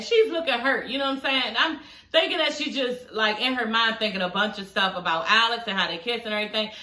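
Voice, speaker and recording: A young adult woman giving a casual, animated recap of a TV episode, talking straight to her viewers and swearing freely. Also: on the high side, reverberant, distant mic, poor audio. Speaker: TV episode reviewer.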